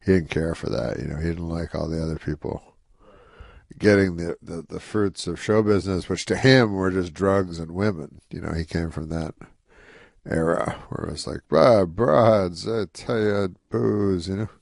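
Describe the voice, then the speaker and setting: A comedian telling a rambling anecdote on a talk show, deadpan and full of "you know" and "uh". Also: male voice, sits low, normal speed, creaky, dry recording, clean studio sound. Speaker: comedian guest.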